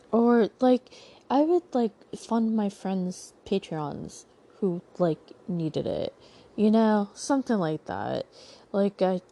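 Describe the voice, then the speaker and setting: A woman's voice: medium pitch, warm tone. A young woman hosting a casual recap podcast, chatty and full of sarcastic asides. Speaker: podcast host recapping a TV show.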